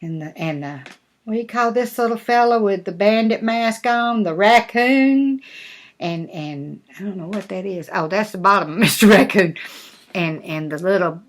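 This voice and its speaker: An older woman, a grandmother, reading a storybook aloud to her grandchildren in a gentle, chatty way with asides. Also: mid-range voice. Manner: slow, gentle, chatty with asides and little laughs. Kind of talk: storybook read-aloud to children.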